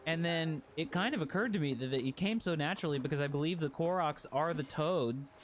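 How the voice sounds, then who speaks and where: A man streaming a video game, chatting in a playful, joking way and breaking into excited squeals. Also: on the high side, a little fast, slight background noise. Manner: puts on a put-on accent by habit. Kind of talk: casual let's-play commentary.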